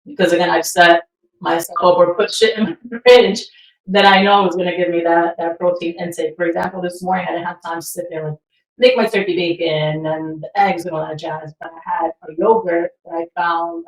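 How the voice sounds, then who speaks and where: A chatty woman in her thirties with a fairly low voice, co-hosting a casual podcast. She swears freely and laughs easily. The sound is roomy and she sits back from the mic. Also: fairly even intonation, brisk, distant mic. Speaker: podcast co-host. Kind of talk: casual chat.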